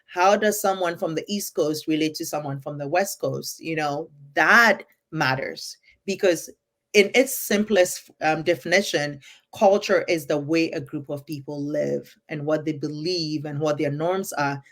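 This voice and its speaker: A woman's voice: low-pitched, measured pace, a bit bright. Emphatic woman co-hosting a podcast. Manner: emphatic, persuasive, often tags "right?". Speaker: podcast co-host. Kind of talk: earnest conversational podcast talk.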